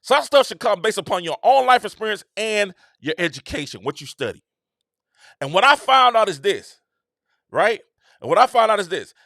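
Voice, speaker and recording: A man hosts his own show in a slangy, emphatic riff. His voice sits high and swings widely in pitch, with a bright, tense edge, recorded dry and close. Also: sing-song, moderate pace, creaky, no echo. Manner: repetitive, emphatic, slangy and conversational. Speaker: show host. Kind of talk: casual commentary monologue.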